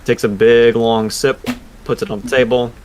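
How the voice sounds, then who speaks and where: A man runs a tabletop game as game master, narrating scenes at an unhurried pace with frequent fillers. His voice sits at a middle pitch. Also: flat delivery, darkish tone, a little hiss or hum. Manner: slow descriptive narration with fillers.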